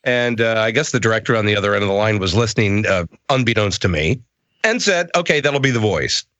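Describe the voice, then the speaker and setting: A middle-aged man, a voice actor, telling stories as a guest in a casual interview, animated and self-deprecating. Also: fairly low pitch, fast, dry recording.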